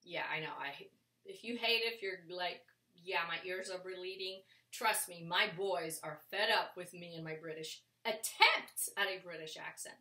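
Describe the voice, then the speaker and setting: A woman's voice: fairly low pitch, moderate pace, bright, forceful tone. A woman casually chatting through a clothing haul for her resale vlog, rambling along with plenty of fillers. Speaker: clothing reseller showing a thrift haul. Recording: echoey room, mic at a distance.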